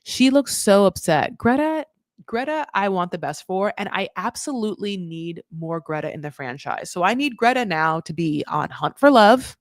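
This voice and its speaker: A woman's voice: medium pitch, lively intonation, moderate pace, no room sound, clean studio sound. A woman hosting a casual reality TV recap, chatty and swearing freely as she acts out what people said.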